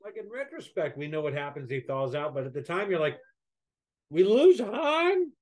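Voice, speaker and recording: A man's voice: fairly high pitch, animated, quick pace. A man chatting animatedly during a movie commentary, often jumping into mock voices. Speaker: film commentator. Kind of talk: casual movie commentary chat.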